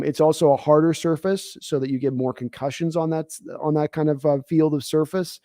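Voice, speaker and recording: Sex: man. Role: sports-show host. Style: casual football talk. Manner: animated, repeats words as he restarts. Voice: fairly high for a man. Sound: dry and close. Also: dry recording.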